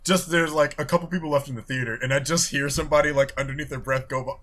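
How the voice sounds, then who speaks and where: Man, bright sharp voice, laid-back, wry asides, casual film talk. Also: a little high, fairly even intonation, fast. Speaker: podcast co-host.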